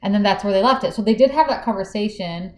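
A woman's voice: mid-range voice, quick pace, darkish tone. A woman co-hosting a book podcast, chatting casually as she retells the story and acts out the characters' lines. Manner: chatty retelling with acted-out quotes. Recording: echoey room.

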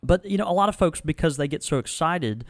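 A man hosting a casual chat, telling stories in a lively, rambling way with many restarts. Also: a little high, fast, no room sound, studio quality. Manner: animated, storytelling with frequent restarts. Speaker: tobacco shop host. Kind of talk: casual conversational review.

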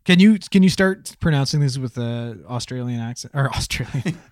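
A man's voice: mid-range voice, animated, normal speed, a little mellow, dry recording, studio quality. Blunt, swearing man in casual chat. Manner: profane, emphatic, blunt. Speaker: podcast co-host.

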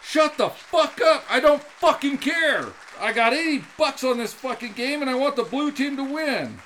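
A man voicing a gruff, short-tempered game show contestant with an accent, grumbling low and breaking into angry rants. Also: lively intonation, normal speed, fairly bright tone, slight background noise. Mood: angry ranting.

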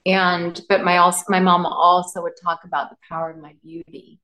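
A woman's voice: fairly low pitch, level tone, brisk, pushed and bright, reverberant, rough recording. A woman relationship coach, a podcast guest, telling personal stories in an open, heartfelt way. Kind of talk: candid interview talk.

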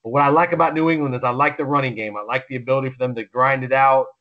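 A man co-hosting a sports podcast, chatting casually about picks in an excitable, rambling way with lots of restarts. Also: medium pitch, rapid-fire, narrow, tinny audio. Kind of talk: casual sports betting chat.

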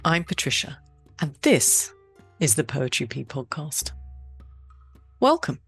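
Low-voiced woman hosting a poetry podcast. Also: measured pace, creaky, fairly bright tone, breathy edge, soft background music. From Switzerland. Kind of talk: scripted podcast narration.

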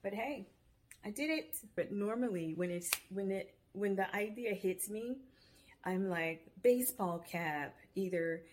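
A woman hosting her own video podcast, talking casually and giving upbeat, encouraging motivational advice. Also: on the low side. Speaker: podcast host. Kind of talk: motivational self-help talk. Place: home. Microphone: video podcast camera mic.

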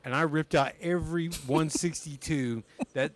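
A man's voice: on the high side, moderate pace, a little hiss or hum. A young man, a comedian guest on a podcast, telling stories in a casual chat and laughing often as he talks. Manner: animated, laughs often while talking.

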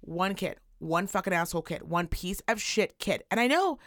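A woman's voice: on the low side, moderate pace, no echo, clean studio sound. A woman co-hosting a podcast, telling a story in casual, profane chat and acting out the quotes. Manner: profane, animated storyteller who acts out quotes. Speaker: podcast co-host.

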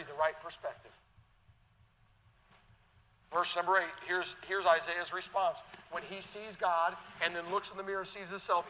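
Bright-voiced preaching man in a hall. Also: sits high, slight background noise. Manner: animated preaching, swings from quiet to loud. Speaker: pastor. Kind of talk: sermon. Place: church sanctuary. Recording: church hall reverb, faint ambience.

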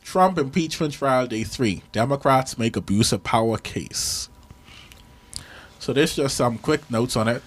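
A man's voice: medium pitch, expressive, unhurried. A young man co-hosting a casual podcast, playful and easily sidetracked. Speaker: podcast co-host. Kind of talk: casual chat.

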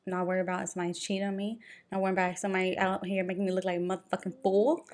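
A young adult woman talking casually and bluntly, with lots of swearing and sudden leaps in pitch. Her voice sits mid-range and she talks with animated emphasis. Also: very fast. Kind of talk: casual chat.

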